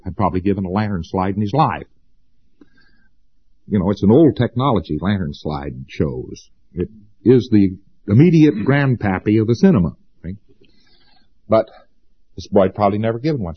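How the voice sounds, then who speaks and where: A man with a fairly low, husky voice gives an informal lecture to students, heard through dull-sounding audio. His style is folksy and sarcastic, and he drives points home by repeating them emphatically.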